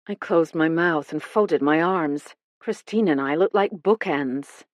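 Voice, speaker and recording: A woman narrating a mystery audiobook in the first person, with clear, even storytelling. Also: lowish voice, measured pace, few pauses, no echo.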